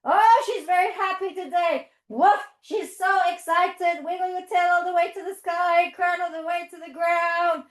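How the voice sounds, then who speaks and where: A woman's voice: extremely high pitch, fairly even intonation, normal speed, hardly any pauses. A woman leading a toddler yoga class, praising and guiding the children through a playful animal story. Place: yoga studio. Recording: echoey room.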